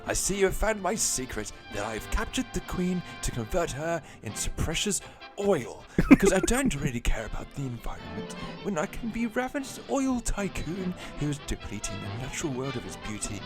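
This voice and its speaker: A man's voice: on the high side, very animated, brisk, few pauses, over music. A man putting on a pompous, posh old naturalist-turned-villain voice during a comedy reading. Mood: smug.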